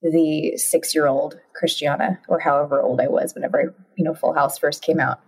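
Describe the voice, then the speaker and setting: A woman's voice: moderate pace, husky. A woman in her thirties co-hosting a podcast, chatting casually and expressively. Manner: expressive, bursts into high silly voices. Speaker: podcast co-host. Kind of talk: casual chat.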